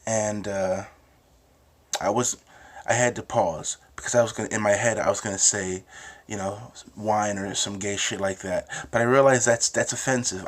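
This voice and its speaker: A man's voice: fairly low pitch, fairly even intonation, normal speed. A young man from New Jersey with a Jersey accent, hosting a casual, rambling monologue full of swearing and restarts. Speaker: host.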